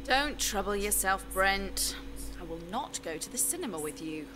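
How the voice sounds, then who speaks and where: A woman's voice: medium pitch, expressive, moderate pace, music in the background, lightly acted. A curt secretary, voiced by a woman, brushes people off in short, dismissive lines. She speaks from a point-and-click game. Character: curt female office secretary. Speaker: game character.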